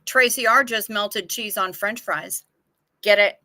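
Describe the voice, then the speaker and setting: A woman's voice: medium pitch, a little slow, bright, forceful tone, dry recording. A woman hosting a casual livestream, chatting frankly and swearing freely as she answers viewer comments. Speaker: livestream host.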